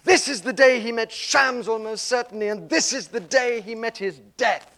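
A man voicing an anguished woman raging at God, howling and keening as he shouts her lines. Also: medium pitch, brisk, natural voice. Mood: urgent.

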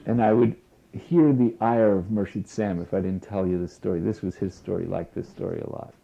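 A man giving a spiritual lecture in a slow, deliberate way, repeating key phrases for weight. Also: low-pitched, steady tone, gravelly, warm tone, slight background noise. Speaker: spiritual teacher. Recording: tinny phone-like lo-fi recording.

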